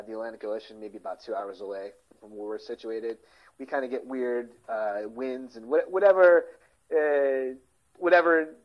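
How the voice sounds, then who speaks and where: Rambling man, dull audio. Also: mid-range voice. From Philadelphia area. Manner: rambling, self-interrupting, trails off quietly. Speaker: podcast co-host. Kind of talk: casual chat.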